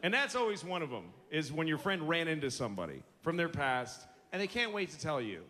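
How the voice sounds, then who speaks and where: A male stand-up comedian ranting with profane exasperation and acting out quick voices on stage. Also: a little high, sing-song, sharp tone. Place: large venue with live audience. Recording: live stage recording with reverb and audience noise.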